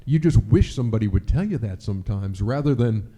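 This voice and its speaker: A man's voice: medium pitch, animated, fairly quick, few pauses, warm tone. A middle-aged sportscaster giving a speech to an audience, telling stories animatedly and acting out the lines he quotes.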